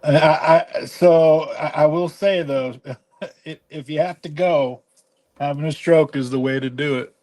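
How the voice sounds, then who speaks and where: A man telling stories in a casual chat, halting and stammering. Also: on the high side, fairly even intonation, a little mellow.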